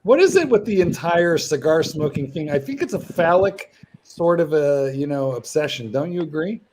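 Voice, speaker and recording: A man's voice: fairly high pitch, expressive, moderate pace, darkish tone, slight background noise, rough recording. A man hosting a livestream, teasing and bawdy in casual banter. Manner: teasing, bawdy, laughs a lot. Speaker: livestream host.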